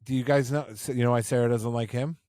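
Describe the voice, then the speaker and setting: A man's voice: medium pitch, fairly even intonation, fast, warm tone, no echo. Male co-host, dry teasing sports banter, close dry mic. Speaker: podcast co-host. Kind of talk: casual sports chat.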